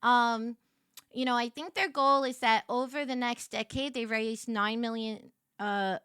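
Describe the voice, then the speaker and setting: A woman streamer telling a story to her live chat, animated and quick to get loud when excited. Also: fairly high pitch, smooth, no echo, studio quality.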